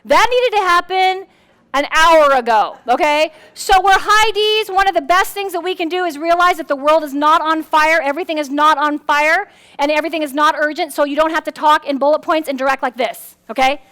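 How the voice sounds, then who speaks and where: A very high-voiced woman leads a lively workshop on personality styles in front of a live audience. She talks quickly and acts out little scenes, her voice jumping up and down, and sometimes repeats a word as she restarts. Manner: animated, acts out quotes with big pitch swings.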